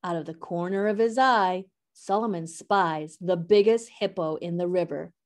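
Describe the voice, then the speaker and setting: A woman reading a children's picture book aloud in an expressive, sing-song way. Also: fairly low pitch, moderate pace. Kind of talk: storybook read-aloud.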